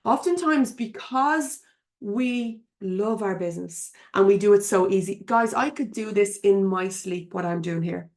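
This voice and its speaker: A woman's voice: medium pitch, a little slow, a little mellow. An Irish woman giving a live coaching webinar from her computer at home, chatty and frank, laughing often and swearing casually. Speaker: business coach.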